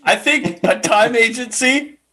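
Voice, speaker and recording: A man's voice: extremely high pitch, animated, measured pace, noisy background. A man hosting an improv comedy podcast, chatty and upbeat as he explains the games. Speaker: improv show host.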